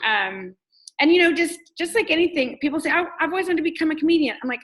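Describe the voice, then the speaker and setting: A woman's voice: high-pitched, lively intonation, quick pace, fairly bright tone, poor audio. A woman from Texas, a comedian and coach, talking candidly in an interview, telling stories with lots of filler words. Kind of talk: casual interview chat.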